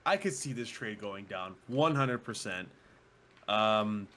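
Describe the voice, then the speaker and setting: A young man co-hosting a sports podcast, trading sarcastic jabs in casual banter. His pitch swings widely, from mumbled low agreements to sudden high exclamations. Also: lively intonation, slow pace, pushed and bright. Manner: dry, sarcastic asides, short low acknowledgments. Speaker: podcast co-host.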